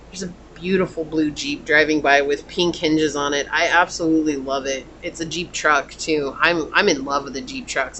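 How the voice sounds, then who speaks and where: A tarot reader gives a pick-a-card reading in a chatty, reassuring and enthusiastic manner, murmuring soft questions as she draws cards. Her voice is fairly low, and the audio is poor.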